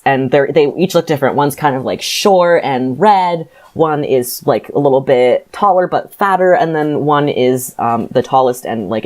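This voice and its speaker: A young adult woman with an extremely low, slightly mellow voice co-hosts a podcast. In casual chat, she recaps a novel in a rambling, sarcastic way, laughing often.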